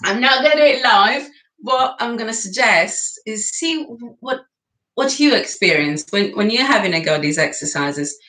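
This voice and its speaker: A woman from England with a slightly high, sharp voice and lively intonation leads a guided singing and breathing class at normal speed. Recorded in an echoey room, she is chatty and encouraging and laughs between exercises.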